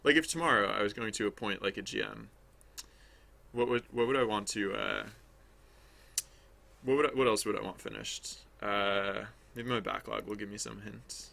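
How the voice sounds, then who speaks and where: A man's voice: fairly low pitch, moderate pace, gravelly, bright, forceful tone. A man streaming his game development work, chatting casually and rambling as he thinks aloud. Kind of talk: casual livestream commentary while working.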